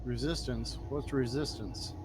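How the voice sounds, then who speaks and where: A man playing a tabletop game, talking in an unhurried, hesitant way. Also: medium pitch, steady tone, noisy background. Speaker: player.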